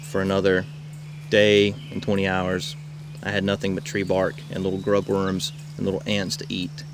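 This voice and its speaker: Male camp counselor, lowish voice, tall-tale storyteller, loud outdoor background. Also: moderate pace. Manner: animated, shouts quoted lines. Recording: noisy outdoor camcorder recording.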